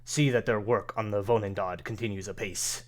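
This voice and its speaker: Male GM voicing a contemptuous villain overlord; low, quiet, commanding. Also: fairly even intonation, normal speed, natural voice. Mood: cold scorn.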